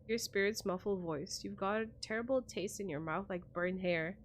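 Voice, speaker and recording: A woman's voice: mid-range voice, slight background noise. Woman streamer reading game text aloud. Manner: reads game text in a measured narrating voice.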